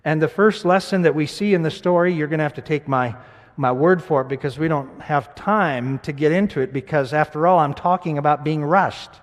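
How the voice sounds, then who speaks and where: A male pastor preaching a sermon, moving between loud, emphatic scripture reading and hushed, quiet reflection. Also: fairly high pitch, a little fast. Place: church sanctuary. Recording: church sanctuary with long reverb.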